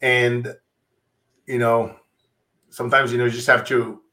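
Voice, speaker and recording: A man hosts an interview in a loose, rambling manner, circling back over his words. He fills gaps with repeated fillers as he builds toward his questions. His voice sits at an ordinary middle pitch. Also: little pitch movement, measured pace, sharp tone. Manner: rambling, repetitive with many fillers. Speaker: interview host. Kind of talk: conversational interview.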